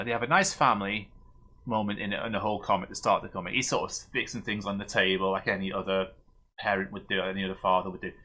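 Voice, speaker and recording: Male streamer host, low-ish but bright voice, loose rambling recap of comics. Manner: rambling, many fillers and restarts. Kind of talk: casual comic review chat.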